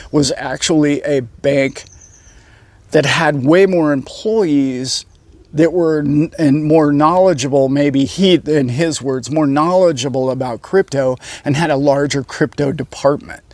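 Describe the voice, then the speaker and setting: A man's voice: a little high, a little mellow, dry recording. Rambling man telling a story. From United States. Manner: rambling, with many pauses and self-corrections. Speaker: channel host, boat captain. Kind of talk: casual storytelling monologue.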